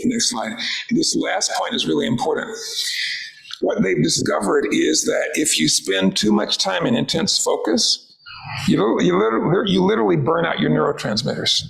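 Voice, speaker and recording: Male workshop presenter with a gravelly, slightly high voice; calm, inviting coaching tone. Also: normal speed, low-quality recording. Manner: calm, inviting, coaching listeners through exercises. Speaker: wellness presenter.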